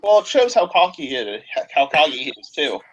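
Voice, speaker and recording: A man making quick remarks in a casual group video chat. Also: on the high side, sing-song. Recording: dull lo-fi line with faint hiss.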